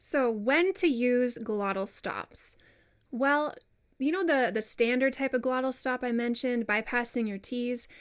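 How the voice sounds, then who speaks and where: A woman's voice: on the high side, unhurried. A woman voiceover coach giving a casual lesson, chatty and self-deprecating, who says example words aloud to demonstrate them. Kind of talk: casual instructional talk.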